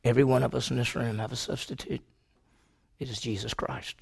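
A man preaching a sermon to a congregation, telling a story dramatically, moving from loud questions to hushed, slow passages. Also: mid-range voice, little pitch movement. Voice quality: gravelly.

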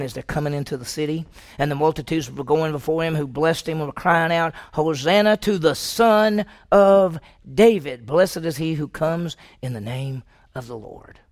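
Pastor, man, slightly high gravelly voice, questions the room, acts out the quotes. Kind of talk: sermon.

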